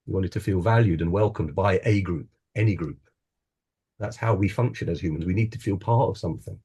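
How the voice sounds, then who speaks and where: A man's voice: low-pitched, brisk, mellow, slightly rough. A man who grew up in Scotland, telling a personal story on a panel in an earnest, reflective way. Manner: earnest, reflective, with restarts and laughs. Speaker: wellbeing coach, panel guest.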